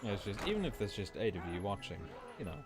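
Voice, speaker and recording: During a late-night gaming stream, a young man rambles casually and swears, his accent drifting and partly American. His voice is on the low side with big pitch swings and a fast pace, heard over music and noisy game gunfire.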